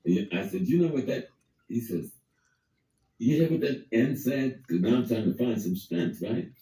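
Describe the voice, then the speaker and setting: A man's voice: medium pitch, expressive, normal speed, mellow, echoey room, distant mic, poor audio. An older man from Harlem, New York, telling a vivid story in conversation and acting out the quoted dialogue. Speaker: guest storyteller.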